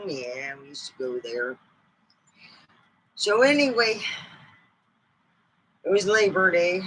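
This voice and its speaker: A middle-aged woman chatting casually on her vlog. She rambles and jokes at an unhurried pace, and her voice has a bright, forward edge. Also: medium pitch. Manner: rambling, jokey, laughs often. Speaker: vlogger.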